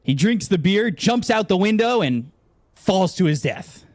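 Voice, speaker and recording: Lively male caster with a slightly high, bouncing voice, dry close sound, tells jokes between games. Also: unhurried, no echo. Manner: animated, acts out joke characters with pitch jumps. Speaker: esports co-caster. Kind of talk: casual stream chat and joke telling.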